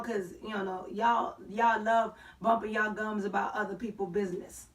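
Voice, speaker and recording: A woman's voice: medium pitch, little pitch movement, normal speed, few pauses, distant mic. A woman hosting an online talk show, telling a story with playful slang and a sassy, joking manner. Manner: sassy, playful slang, sings and shouts for effect.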